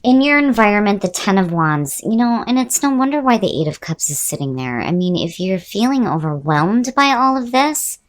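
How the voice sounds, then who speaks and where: A woman giving a casual tarot reading who is losing her voice and sounds hoarse. She muses aloud, repeats key words and speaks straight to the viewer. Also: mid-range voice, sing-song, normal speed, hardly any pauses. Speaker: tarot reader.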